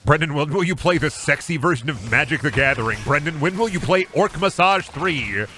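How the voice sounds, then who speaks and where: A man's voice: fairly high pitch, animated, a little fast, sharp tone, a little hiss or hum. A man streaming a game, joking and swearing as he plays and answers chat, often laughing in exasperation. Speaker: gaming streamer. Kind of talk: livestream commentary while playing and reading chat.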